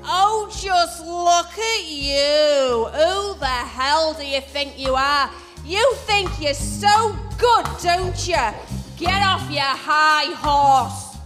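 A jeering working-class neighbor, put on by a woman storyteller, sneering and nagging in a raised, higher voice. The sound carries the long reverb of a large hall. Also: animated, very slow, fairly bright tone, soft background music, full character voice. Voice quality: mocking, jeering.

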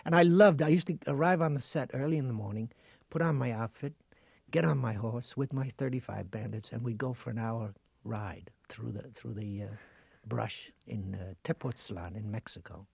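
An older man, a guest actor, telling stories in an interview, animated, acting out voices and laughing. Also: mid-range voice, normal speed, vocal fry, slightly rough, no echo. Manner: animated storyteller who acts out voices and laughs. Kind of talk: interview storytelling.

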